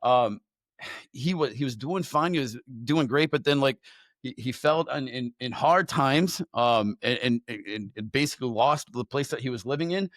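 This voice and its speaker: Animated, candid man telling a faith story. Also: medium pitch, moderate pace, no room sound. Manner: animated storyteller who acts out his own thoughts; repeats words and restarts often. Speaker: podcast guest, entrepreneur.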